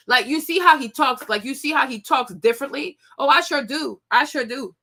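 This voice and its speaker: A woman in her thirties hosting a commentary show, talking casually to viewers, animated and repetitive, often laughing. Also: high voice, a little fast, hardly any pauses.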